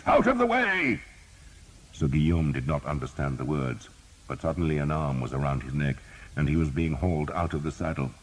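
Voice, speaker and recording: A man with an extremely deep voice reads a historical audiobook. His tone is husky and a little rough, and his delivery is steady and measured, carrying the action line by line. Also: poor audio. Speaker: audiobook narrator. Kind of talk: dramatic audiobook narration.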